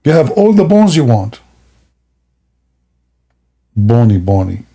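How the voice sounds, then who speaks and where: Gravelly, husky man mocking on a livestream. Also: mid-range voice, big pitch swings, takes it slowly, mellow. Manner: mocking, laughing, theatrical asides. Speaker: streamer. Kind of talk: sarcastic livestream monologue.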